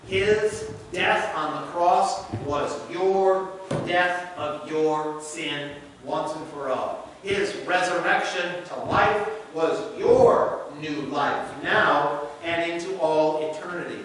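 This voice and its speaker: A man's voice: fairly high pitch, takes it slowly, hardly any pauses, a bit bright, a little hiss or hum. A man preaching a sermon as pastor in a church sanctuary, emphatic and full of rhetorical questions. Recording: echoey church sanctuary from a distant mic.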